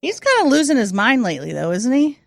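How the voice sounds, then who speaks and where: Giggly, lively woman podcast host. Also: sits high, quick pace, vocal fry, dry recording, clean studio sound. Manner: giggly, playful. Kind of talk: casual comedy chat.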